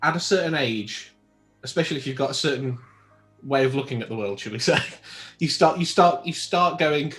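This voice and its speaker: A man, chatting about a film in a rambling, animated way with many restarts. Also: mid-range voice, normal speed, soft background music. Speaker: podcast co-host. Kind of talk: casual film discussion.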